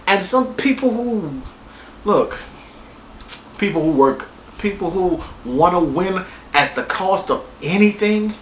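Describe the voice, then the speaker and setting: A man giving a casual spoken TV review, excitable and profane, rambling from point to point. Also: high voice, takes it slowly, reverberant, a little hiss or hum, rough recording. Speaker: TV show reviewer.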